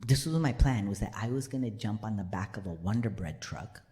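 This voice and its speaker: A man's voice: lowish voice, animated, a little fast, a little mellow. A man performing storytelling stand-up comedy on stage, acting out quoted voices and laughing often. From United States.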